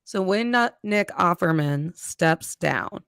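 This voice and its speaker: Smooth-voiced opinionated woman. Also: fairly low pitch, lively intonation, a bit bright, dry recording, studio quality. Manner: blunt, opinionated, quick asides. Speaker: podcast co-host. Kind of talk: casual chat film review.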